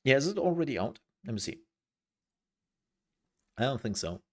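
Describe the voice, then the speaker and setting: A man's voice: mid-range voice, sing-song, moderate pace. A man giving casual let's-play commentary, thinking aloud as he plays and trailing off into fillers. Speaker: gaming content creator.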